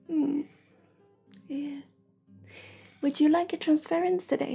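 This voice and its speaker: A woman from Sweden hosting a casual livestream, soft-spoken and giggly, often slipping into a whisper. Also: high voice, fairly even intonation, takes it slowly, creaky, pauses often, faint music behind. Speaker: livestream host and intuitive reader. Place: home room with shelving.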